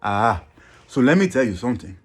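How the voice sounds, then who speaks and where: African-accented teasing voice, slow and drawn out, a man putting it on. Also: medium pitch, sing-song, husky.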